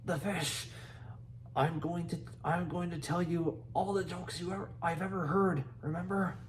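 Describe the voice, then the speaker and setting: A man's voice: a little high, steady tone, moderate pace, a little hiss or hum, voice pushed up, natural voice. A man doing an anxious young Viking boy. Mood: pleading. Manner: pleading, urgent.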